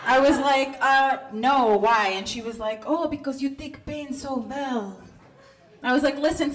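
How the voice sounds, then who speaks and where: A woman in her thirties doing a stand-up comedy set, brash, profane and self-mocking, laughing through her lines. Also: medium pitch. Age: 30s. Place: comedy club stage. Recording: noisy live club recording.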